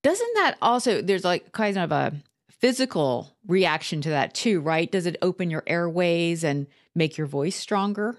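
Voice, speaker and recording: A woman hosting an interview, asking curious questions and affirming her guest in a relaxed, conversational way. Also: on the low side, unhurried, dry recording, studio quality. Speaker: podcast host.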